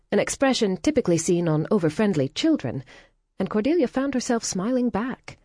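A woman narrating a novel in a measured, wry storytelling manner. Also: lowish voice, lively intonation, dark tone, dry recording, studio quality. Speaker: audiobook narrator. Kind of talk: scripted narration.

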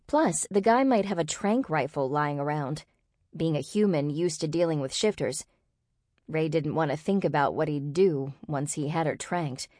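A woman reads an audiobook with steady, expressive narration. Her voice is low, and the recording is dry and close, with no room around it. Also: moderate pace, no room sound. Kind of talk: scripted narration.

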